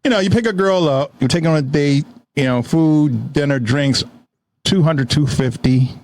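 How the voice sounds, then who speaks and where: A man's voice: fairly high pitch, moderate pace, darkish tone. A man in a casual podcast debate who talks bluntly and fills his speech with "you know" and "I mean.". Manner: blunt, agreeable, lots of filler.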